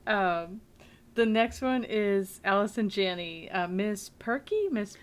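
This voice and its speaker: Woman, podcast co-host, mid pitch, relaxed, reads lines with laughs. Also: slow, clean tone. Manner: reads out quotes, laughs between them. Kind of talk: casual chat.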